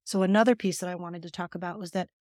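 A woman's voice: fairly low pitch, steady tone, fast talker, darkish tone, no room sound, clean studio sound. A middle-aged woman therapist speaking earnestly and emphatically as a podcast guest, telling stories and explaining. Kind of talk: conversational podcast interview.

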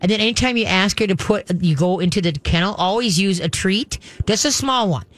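A woman's voice: medium pitch, a little fast, no room sound. A woman hosting a call-in radio show, chatting, giggling and rambling through advice for a caller.

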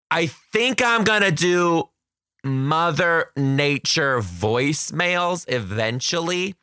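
Man, podcast host, chatty and playful, bright tense tone, dry booth. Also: fairly high pitch, expressive, slow pace, clean tone, no echo. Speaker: podcast host and kindergarten teacher. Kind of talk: casual solo podcast chat.

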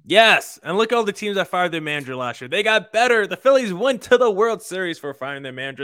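Sports show cohost guy, pushy picks, a bit high voiced, dry mic. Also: fairly bright tone, clean tone, no echo. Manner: fast, emphatic opinions. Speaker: podcast co-host. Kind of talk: casual sports chat.

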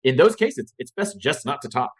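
A man talking as a guest in a casual podcast conversation, energetic, casual and profane. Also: medium pitch, moderate pace, husky.

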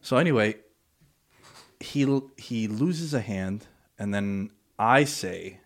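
A man's voice: lowish voice, lively intonation, takes it slowly. A man co-hosting a casual chat, telling stories in a laid-back, drawling way. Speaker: podcast co-host.

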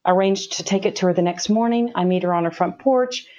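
A middle-aged woman, an interview guest, telling a personal story in an emphatic, animated way. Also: fairly low pitch, brisk. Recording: dull lo-fi audio.

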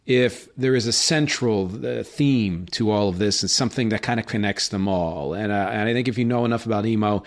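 Guy hosting his podcast solo, rambly and casual, lots of uhs, medium voice. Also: medium pitch. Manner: chatty and rambling, with frequent "uh" fillers and self-corrections. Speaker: podcast host.

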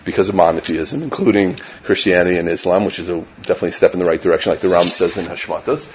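In a very fast, low-sitting voice, a middle-aged rabbi gives a casual Torah lecture before a live crowd, often tossing in "right?" and mixing Hebrew and Yiddish words with English. The recording is dull, with a little hiss or hum.

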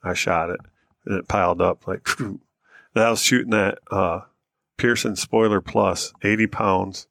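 A man with an American accent co-hosting a hunting podcast, telling a story in a relaxed, rambling way. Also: on the low side, unhurried, creaky, no echo, clean studio sound. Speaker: podcast co-host. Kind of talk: casual storytelling chat.

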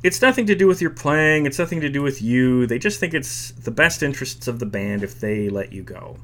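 A man's voice: medium pitch, lively intonation, brisk, fairly bright tone, close to an everyday voice. A man reading out the lines of a middle-aged male manager breaking bad news in a plain voice. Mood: regretful.

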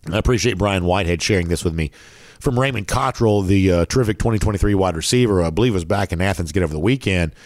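Fast-talking nasal sports host. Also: male voice, sits low, no room sound. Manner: rambling with many fillers. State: nasal, throat worn from allergies. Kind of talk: casual podcast commentary.

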